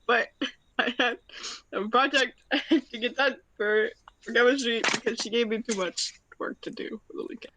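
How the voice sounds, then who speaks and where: A woman's voice: fairly high pitch, steady tone, normal speed, sharp tone, a little hiss or hum, low-quality recording. Giggly teenage girl chatting. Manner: giggly, curious, trailing off mid-sentence. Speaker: co-player friend. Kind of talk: casual chat.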